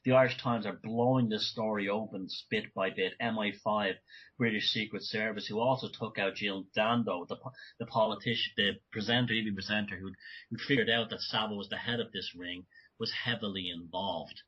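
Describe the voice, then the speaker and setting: A man speaking as a guest in an interview, animated and talking in bursts with frequent restarts. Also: on the low side, fairly quick, husky. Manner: animated, many restarts and asides. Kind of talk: conversational interview. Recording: dull lo-fi audio.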